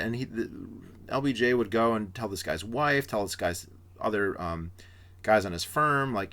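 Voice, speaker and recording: A man's voice: mid-range voice, a little fast, fairly bright tone. A man giving a casual spoken book review, rambling with frequent fillers and restarts.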